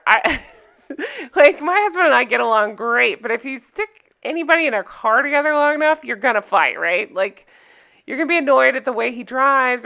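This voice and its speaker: This reality TV recap vlogger is a young, chatty woman talking candidly to her viewers and laughing a lot. Her voice, a touch high, comes across bright and forceful while staying smooth and crisp.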